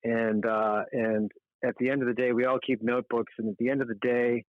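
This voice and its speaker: A man's voice: mid-range voice, little pitch movement, a little fast, no room sound. A middle-aged man, a magazine editor, chatting casually as a guest in a podcast interview, rambling and self-deprecating. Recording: tinny phone-like line, dry.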